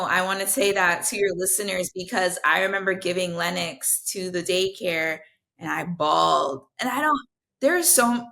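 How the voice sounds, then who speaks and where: A woman's voice: medium pitch, bright, forceful tone. A young woman, a nurse, sharing her story as a guest in an earnest, heartfelt way, often restarting her sentences. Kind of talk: candid conversational storytelling.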